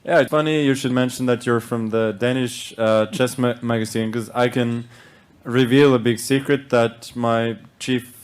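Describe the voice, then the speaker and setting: A man with a Norwegian accent, a chess player answering press questions with dry, deadpan humour. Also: medium pitch, normal speed, few pauses, clean tone.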